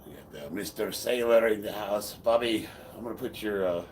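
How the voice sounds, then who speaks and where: A man over fifty, a powerlifter, chatting casually on a live stream and reading viewer comments aloud in a relaxed way. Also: on the low side, normal speed, slight background noise. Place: home gym, indoors.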